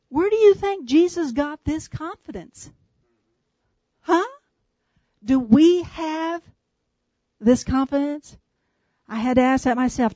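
A woman preaches to her congregation in a high voice, taking her time and dropping to hushed, slow emphasis on key lines. The recording is dry and close, with a slightly muffled, dull tone. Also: expressive, no echo. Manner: shifts from brisk asides to slow, hushed emphasis; addresses congregation members by name. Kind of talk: sermon.

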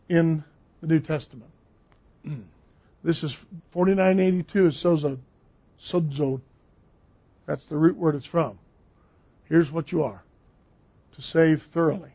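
A man's voice: a little high, gravelly, mellow, slightly rough. An older man preaching a sermon with emphatic, repeated phrases. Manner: emphatic, repeating key words. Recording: dull lo-fi sound.

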